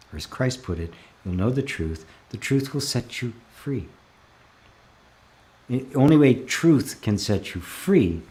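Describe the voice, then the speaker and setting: Calm low-voiced man teaching spirituality. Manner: calm, reflective, often slows to stress a word. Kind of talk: live online Q&A, reading viewer comments.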